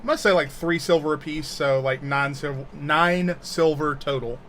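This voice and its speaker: A man running a tabletop game as game master, describing scenes in a halting way with many fillers. His voice sits a bit high, and a faint background noise hums underneath. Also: fairly bright tone. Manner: halting, full of fillers and restarts.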